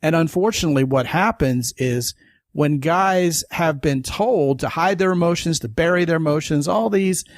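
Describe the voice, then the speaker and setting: A man's voice: on the high side, normal speed, no echo, clean studio sound. A man hosting a podcast, talking in an emphatic, folksy way in casual conversation. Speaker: podcast host.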